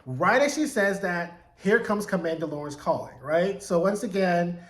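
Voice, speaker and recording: High-voiced man recapping TV casually. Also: moderate pace. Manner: chatty, animated, acts out character lines. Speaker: TV episode recapper. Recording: echoey room.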